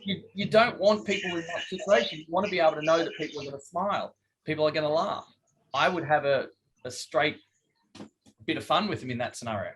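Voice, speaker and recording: A man's voice: a little high, fast talker, fairly bright tone, poor audio. A middle-aged man, coaching a group over a video call in a chatty, joking way and acting out phone calls. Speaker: business coach.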